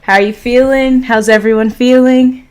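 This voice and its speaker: A woman hosting a spiritual livestream, greeting viewers by name and guiding a meditation with calm, gentle affirmations. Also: on the high side, moderate pace, clear, resonant tone. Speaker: livestream host and meditation guide. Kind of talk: casual livestream chat and guided meditation.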